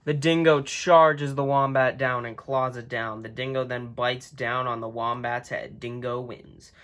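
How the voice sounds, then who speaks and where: A man's voice: medium pitch, steady tone, unhurried, a bit bright. A man hosting a video, reading a children's book aloud in a casual way, often tripping over words and chuckling as he goes, recorded on a phone.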